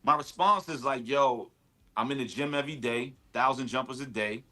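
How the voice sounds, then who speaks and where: A man's voice: mid-range voice, moderate pace, bright, forceful tone. A man, a guest rapper talking in a casual interview, laid-back and talkative with lots of "you know what I mean.". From Brooklyn, New York. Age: 40s.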